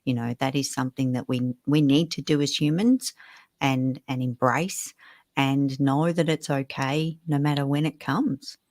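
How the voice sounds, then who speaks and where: A woman's voice: very deep voice, fairly even intonation, a little slow, darkish tone, no echo, studio quality. A woman speaking reflectively and a little hesitantly in a conference panel conversation.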